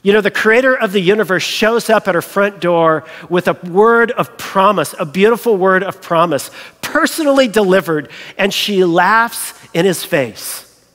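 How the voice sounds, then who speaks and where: A man preaching a sermon as a pastor, animated and storytelling, acting out the voices he quotes. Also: sits high, moderate pace, in a large hall.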